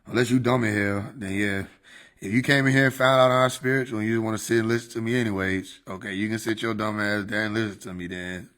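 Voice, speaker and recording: A man's voice: on the low side, fairly even intonation, fast talker, a bit bright. A man casually chatting on a livestream into a desk microphone, joking, swearing and laughing often. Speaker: streamer.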